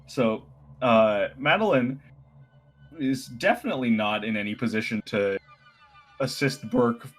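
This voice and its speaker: A man playing in a tabletop role-playing game, describing his character's actions in a relaxed, halting way. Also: medium pitch, faint music behind, rough recording. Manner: relaxed, halting, full of fillers and laughs. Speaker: player. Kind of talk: tabletop role-play narration.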